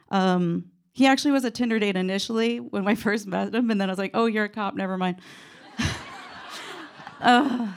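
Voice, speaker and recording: A woman's voice: mid-range voice, gravelly. A woman telling a comedic personal story in a rambling, self-mocking way, full of "like" and "you know".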